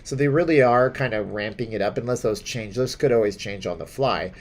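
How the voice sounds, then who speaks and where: A man's voice: lowish voice, fairly quick. A man hosting a casual live stream, reading viewer comments aloud and rambling with many fillers, chuckles and restarts. His voice sounds a little stuffy from allergies. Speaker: host of a live chat stream.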